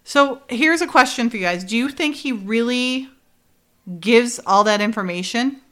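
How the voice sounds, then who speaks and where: A woman's voice: a little high, expressive, normal speed, bright, forceful tone. A woman co-hosting a casual podcast, animatedly retelling a TV episode and quoting the characters with laughs. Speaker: podcast co-host. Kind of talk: casual chat recapping a TV episode.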